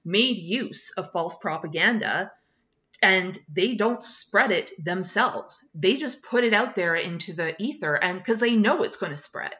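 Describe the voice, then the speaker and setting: A Canadian woman co-hosts a casual podcast, her voice bright and very lively in pitch. She talks with a sarcastic edge and laughs often. The audio sounds a little dull and lo-fi. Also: a little slow. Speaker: podcast co-host. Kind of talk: casual chat.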